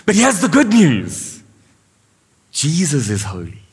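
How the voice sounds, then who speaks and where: A man's voice: fairly high pitch, wildly swooping pitch, slow pace, husky. A male pastor preaching a sermon, asking his congregation questions as he goes. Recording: live church sound with long reverb.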